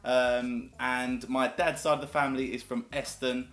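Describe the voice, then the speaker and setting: A man's voice: mid-range voice, level tone, moderate pace, fairly bright tone. A man with a southern English accent chatting casually to camera, upbeat and storytelling. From southern England. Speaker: YouTuber. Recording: echoey room with faint music.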